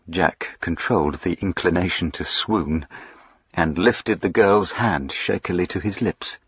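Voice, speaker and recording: A man reads a historical novel aloud in a measured, even way. His voice is deep and husky and unhurried. The recording is dry and slightly muffled. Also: no room sound. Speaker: audiobook narrator. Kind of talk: scripted narration of a historical novel.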